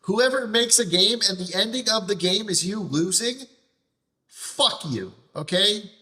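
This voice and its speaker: In live gameplay commentary, a man vents his frustration with heavy swearing, often repeating and restarting what he says. His high-pitched voice is bright and forceful, delivered at a measured pace.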